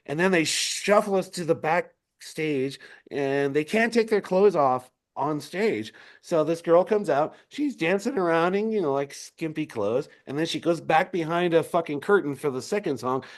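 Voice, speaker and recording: Man, animated raconteur on a video call, somewhat high voice, laughs a lot. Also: moderate pace. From Denver area. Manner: animated, laughing often, swears freely. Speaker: musician guest. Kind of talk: casual storytelling chat.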